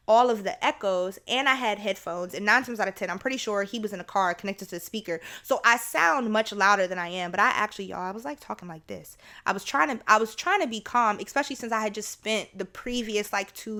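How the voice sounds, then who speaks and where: This is a young woman speaking to her podcast listeners in a candid, confessional monologue. Her voice is bright and sharp. She keeps it casual and blunt, with plenty of fillers and the odd curse. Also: medium pitch. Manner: frank and chatty, with swearing and filler words. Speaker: podcast host.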